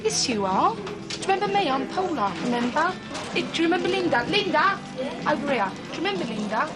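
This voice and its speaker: A woman's voice: sits high, sing-song, fast talker. An actress playing a brash, teasing young woman, recorded in a busy club. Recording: loud music and crowd.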